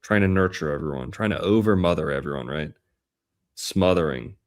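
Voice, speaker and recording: A man's voice: rumbling low, expressive, brisk. A man hosting a casual podcast chat about astrology, playful and punning, stretching out words for emphasis. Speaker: podcast host.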